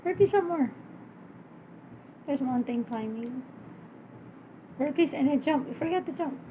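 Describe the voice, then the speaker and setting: A woman calls out exercise after exercise from behind the camera, her voice sitting high and bright with encouragement. She keeps repeating her praise and laughs often as she coaches. A faint hum of background noise runs under her casual home video. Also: expressive, measured pace. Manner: cheering, repetitive, laughs often.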